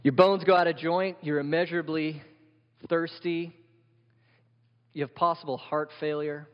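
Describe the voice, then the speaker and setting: A man's voice: fairly high pitch, level tone, a little slow. A man preaching a sermon as pastor, vivid and emphatic, asking the congregation rhetorical questions. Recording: dull sound with long hall reverb.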